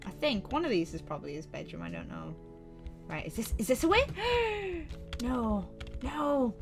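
A woman voicing a sneaky young female student at camp in a game-based roleplay story, excitable and chatty, with gasps and whispered asides. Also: high voice, moderate pace, faint music behind. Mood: sneaking. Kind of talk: Minecraft roleplay acting.

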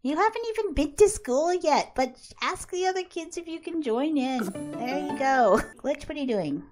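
Lively high-voiced woman playing a game. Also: moderate pace, over music. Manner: chatty, laughs often, talks to game characters. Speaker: game channel host. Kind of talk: casual gameplay commentary.

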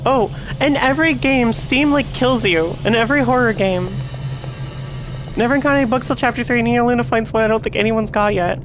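Young woman game streamer, chatty, quick to curse; light hiss in the background. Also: a little high. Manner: chatty, swears and yells when frustrated. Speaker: VTuber streamer. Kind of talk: casual gameplay commentary.

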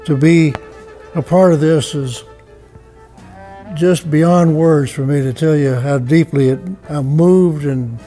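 Older man, Mississippi accent, slow and halting, mellow tone, faint music behind. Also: a little high. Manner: halting, searching for words, moved. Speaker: award recipient. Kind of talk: heartfelt acceptance speech.

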